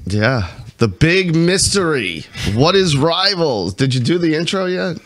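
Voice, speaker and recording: A man co-hosting a morning stream, tired and just out of bed, joking in a gravelly voice. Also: fairly high pitch, very animated, a little slow, fairly bright tone. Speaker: co-host. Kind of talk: casual morning stream chat.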